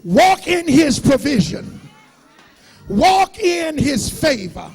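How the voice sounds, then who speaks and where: A man preaching a sermon as pastor, shouting and chanting in call-and-response with his congregation. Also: very high voice, sing-song, takes it slowly, creaky, soft background music. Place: church sanctuary.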